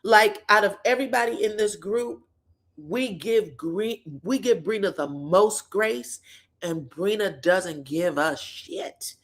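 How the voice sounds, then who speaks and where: A woman's voice: mid-range voice, slow pace. Slangy, blunt woman recapping gossip. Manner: slangy, blunt, chatty storytelling with swearing. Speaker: pop culture commentator. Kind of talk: casual reality TV recap.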